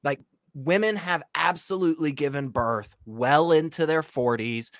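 A man co-hosting a casual talk, reacting with disbelief and quick exclamations. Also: a little high, no echo, clean studio sound. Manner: incredulous, exclaims and laughs. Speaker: co-host. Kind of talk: casual discussion reacting to a video.

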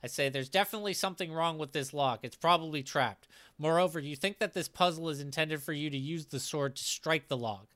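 A man's voice: fairly high pitch, brisk, fairly bright tone. A man acting as game master, casually recapping a tabletop game session and reading out the players' lines, with fillers and restarts.

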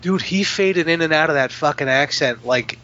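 A man co-hosting a podcast, chatting casually about movies with quick, profane quips and agreeing interjections. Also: on the high side, pushed and bright. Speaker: podcast co-host. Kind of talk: casual movie-review chat. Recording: muffled lo-fi recording with faint hiss.

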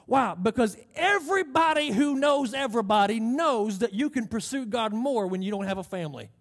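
A man's voice: very high voice, lively intonation, moderate pace. A man preaching a sermon, emphatic, drawing out key phrases and asking the congregation questions. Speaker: pastor.

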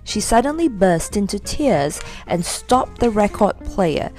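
A woman reading a children's story aloud in a lively, expressive way. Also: medium pitch, a little slow, faint music behind.

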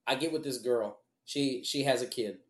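A man's voice: medium pitch, moderate pace. Profane man, echoey room. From Houston, Texas. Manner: profane, blunt, rambling. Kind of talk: casual storytelling.

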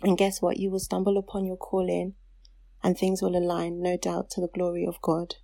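A woman's voice: fairly low pitch, monotone, brisk, gravelly, dark tone, no echo. A woman on a casual chat show, reading aloud a heartfelt letter she wrote to her younger self. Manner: heartfelt, turns tearful and laughing while reading.

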